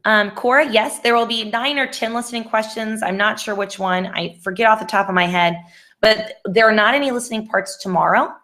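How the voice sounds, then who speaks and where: A woman's voice: a little high, brisk, fairly bright tone. Young female teacher, casual and patient, thinks aloud on a laptop video call. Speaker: Spanish teacher. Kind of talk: online class review session.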